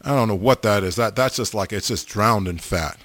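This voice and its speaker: A middle-aged man casually chatting as a host, reading viewer comments in a folksy, animated way, often repeating himself. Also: lowish voice, fairly quick, no echo. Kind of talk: casual chat.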